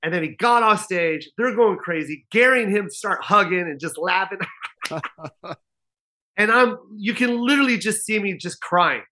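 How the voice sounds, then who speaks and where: A man in his forties, a comedian, tells a story with real energy. His voice sits high for a man and sounds bright and forward. He throws himself into the voices of the people in his story and swears freely. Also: normal speed, a little hiss or hum. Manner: animated storyteller, acts out quoted voices, swears, laughs often. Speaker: stand-up comedian guest. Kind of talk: casual storytelling interview.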